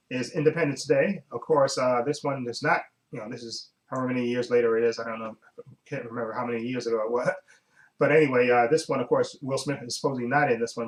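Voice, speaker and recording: A man's voice: mid-range voice, poor audio. A man talking casually through a countdown of upcoming movies, rambling with many fillers and restarts. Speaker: vlogger.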